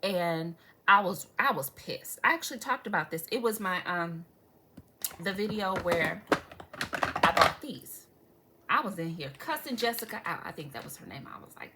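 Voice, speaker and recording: A woman's voice: fairly low pitch, expressive, normal speed, noisy background. A young adult woman vlogger telling a story in casual chat, dramatic and sarcastic, swearing freely and asking viewers asides. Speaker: beauty vlogger.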